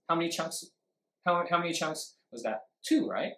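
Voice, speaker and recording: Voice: medium pitch, animated, moderate pace, a bit bright. Emphatic teacher explaining intonation in a roomy echo. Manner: emphatic, demonstrates stress and intonation with examples; switches briefly into Mandarin to explain. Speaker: English speaking teacher. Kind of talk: live-streamed speaking lesson.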